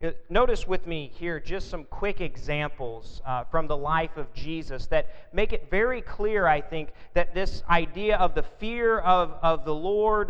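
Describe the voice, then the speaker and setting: In a reverberant church sanctuary, a man preaches an earnest evening sermon, frequently repeating words while he thinks. His voice sits on the high side, a bit bright, clear and resonant, though the recording sounds dull and lo-fi.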